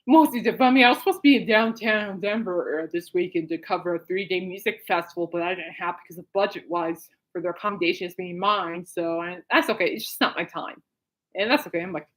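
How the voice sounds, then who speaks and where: A woman hosting her own podcast in a casual chat, rambling with lots of fillers and laughing often. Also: lowish voice. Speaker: podcast host.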